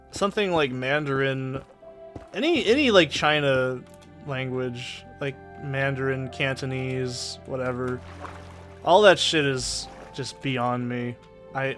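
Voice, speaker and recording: A man's voice: mid-range voice, measured pace, fairly bright tone, soft background music. A man with a Southern Oregon accent rambling casually and swearing freely while narrating his gameplay, recorded on a desk mic in a soundproofed home corner. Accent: Southern Oregon, Pacific Northwest. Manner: rambling, profane, opinionated. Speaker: let's play host. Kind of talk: casual gaming commentary. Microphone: desk condenser mic with pop filter.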